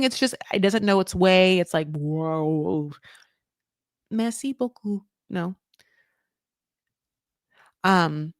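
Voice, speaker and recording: A woman's voice: lowish voice, no room sound. Chatty alto woman from California, dry sound. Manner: animated, swears freely, laughs and trails off mid-thought. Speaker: podcast host recapping reality TV. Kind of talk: casual chat.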